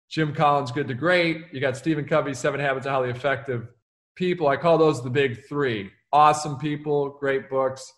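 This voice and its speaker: Fielding interview questions, this male author and keynote speaker is energetic and emphatic, frequently performing quoted dialogue. His voice sits in the mid range.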